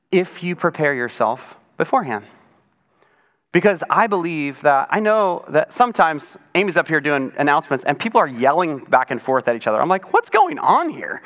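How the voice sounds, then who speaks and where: A man's voice: on the high side, a bit bright. A man preaching a chatty, conversational sermon as pastor, often acting out other people's voices. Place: church sanctuary.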